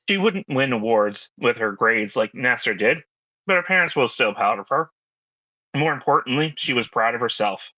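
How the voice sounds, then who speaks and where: A man reading a fan story aloud with steady narration and joking asides, as host. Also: medium pitch, dry recording, dull audio.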